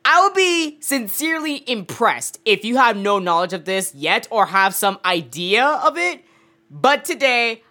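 A woman's voice: medium pitch, sharp tone. A woman hosting a gaming podcast, giggly and flustered as she struggles to keep a straight face and keeps apologizing. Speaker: podcast host.

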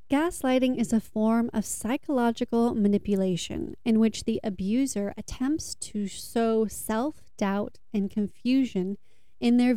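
Woman, self-help tarot talk, soothing, earnest, mellow, dry close mic. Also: a little high, clear, resonant tone, no echo. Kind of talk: slow reflective talk to viewers.

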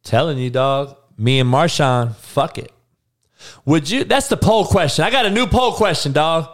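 Speaking at a normal speed in a higher-pitched voice, a man hosts a podcast where he rants to listeners with plenty of profanity and laughing asides.

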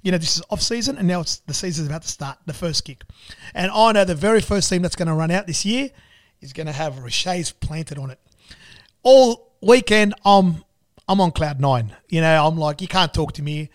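Aussie guy spinning a yarn, high-ish voice, lots of repeating, dry close sound. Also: normal speed, dry recording. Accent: Australian. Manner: animated, repetitive, acts out dialogue. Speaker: business owner and club sponsor. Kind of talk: storytelling in conversation.

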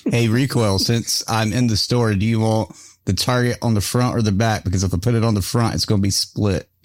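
A man's voice: fairly low pitch, steady tone, brisk, no echo. A man hosting a veterans' podcast, talking in a blunt, profane, joking way. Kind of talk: casual chat.

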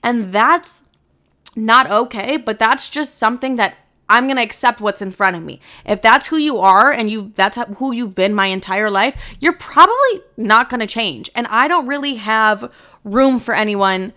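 Young woman venting to her viewers, smooth clear voice, lots of "like", swears a ton. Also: a little high, expressive, moderate pace, sharp tone. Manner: casual and blunt, swears often, fills with "like". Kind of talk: candid personal monologue.

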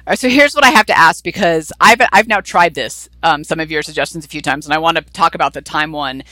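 High bright-voiced man host. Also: fast, dry recording, poor audio. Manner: candid, laughs readily. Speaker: podcast host. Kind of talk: casual interview talk.

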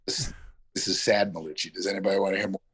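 Deep husky guy from yonkers, rambly and reflective, lots of ums. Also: steady tone, fast, fairly bright tone. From Yonkers, New York. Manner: rambling, reflective, heavy on fillers. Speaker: guest actor. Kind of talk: casual interview storytelling.

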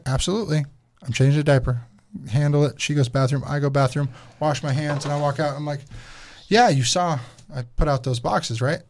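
A man's voice: a little high, fairly quick. Profane, exasperated young father telling a story. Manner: profane, exasperated, animated retelling. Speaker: podcast host. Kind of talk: casual storytelling.

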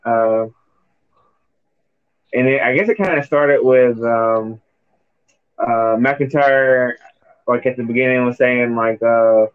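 A man's voice: medium pitch, slow, long pauses, clear, resonant tone, no echo. A man talking over a remote line that sounds tinny and phone-like. He rambles with lots of "uh" and "like," losing his thread now and then. The sound is dry, with no room around it. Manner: rambling, hesitant, full of "uh" and "like". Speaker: podcast co-host. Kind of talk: casual chat recapping wrestling. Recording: tinny phone-like call audio.

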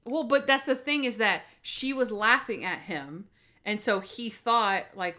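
A lively woman with a slightly high voice chats through a TV episode recap. She keeps throwing in fillers and acts out the characters' lines as she goes. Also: unhurried. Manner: animated, acts out quotes, many fillers. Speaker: podcast co-host. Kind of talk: casual episode review chat.

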